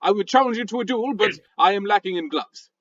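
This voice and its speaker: A man's voice: high voice, expressive, fast, highs cut off. A man voicing a prissy, easily offended male rock that speaks in a posh British accent with stuffy, old-fashioned phrasing, in a tabletop game. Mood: pompous.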